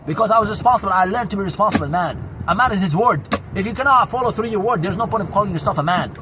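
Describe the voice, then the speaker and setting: A man in his forties from Syria, with a Syrian Arabic accent, ranting loudly and indignantly to the camera outdoors, repeating his points. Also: sits high, animated, quick pace. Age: 40s. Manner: loud, projecting, heated and indignant, repeats himself. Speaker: vlogger. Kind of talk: angry street rant to camera. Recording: noisy outdoor recording with traffic.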